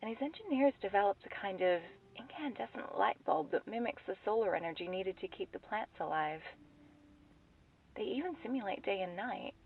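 A composed female contact talks the hero through his situation, voiced by a woman. Her mid-pitched voice sounds distant from the mic, and she explains in an even, factual manner. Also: moderate pace, breathy edge, narrow, tinny audio. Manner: matter-of-fact, explanatory. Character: calm woman guiding the hero by radio.

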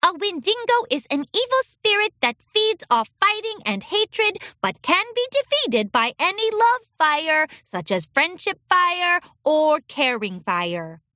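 A woman voicing a shy young female unicorn schoolgirl who recites her answer flatly, like a robot. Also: extremely high pitch, slow pace, few pauses, no room sound, studio quality, pitched above the performer's own voice, full character voice. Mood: timid.

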